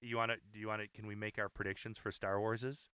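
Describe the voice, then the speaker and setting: A man's voice: fairly low pitch, level tone, fast, sharp tone, smooth, no echo, studio quality. A man co-hosting a casual podcast, rambling and stopping to restart his sentences. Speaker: podcast co-host. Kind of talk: casual chat.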